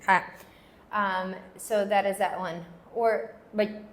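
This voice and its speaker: A woman teaching a language lesson, patiently repeating words slowly so learners can follow. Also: medium pitch, fairly even intonation. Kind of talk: slow pronunciation lesson.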